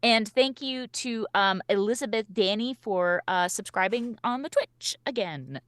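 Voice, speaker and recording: A woman in casual chat after a tabletop session, with a bright voice that swings widely in pitch. She talks slowly and laughs easily, and the sound is dry and close. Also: lively intonation, no echo. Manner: giggly and easygoing. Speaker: tabletop game player and co-host.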